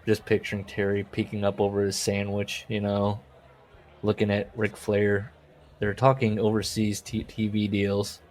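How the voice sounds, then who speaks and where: A man's voice: on the low side, completely flat delivery, moderate pace, darkish tone. A man co-hosting a casual podcast chat, reading book passages aloud and joking about them. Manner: reads book passages aloud with jokey asides. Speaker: podcast co-host.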